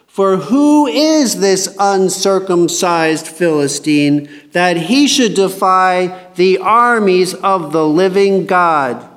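A man's voice: high-pitched, animated, slow pace, hardly any pauses, a bit bright. A man teaching a Bible passage in a casual sermon, reading scripture aloud and commenting in a chatty, joking way.

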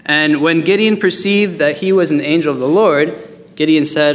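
A man leads a casual Bible study, reading verses and joking his way through them. His voice sits fairly high, and a long hall reverb trails each phrase. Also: moderate pace. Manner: chatty and joking, with fillers. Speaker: Bible teacher.

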